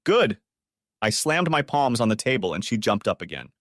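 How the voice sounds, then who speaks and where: A man narrating a first-person drama story for an audiobook in a dramatic, expressive way. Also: lowish voice, a little fast, dry recording, studio quality.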